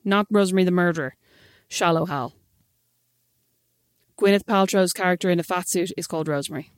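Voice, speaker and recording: An Irish woman talks at a brisk clip in relaxed chat with her sister. Her asides are dry and wry. The sound is close and dry, with no room around it. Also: fairly low pitch, clean tone, dry recording. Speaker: podcast co-host. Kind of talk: casual chat between sisters.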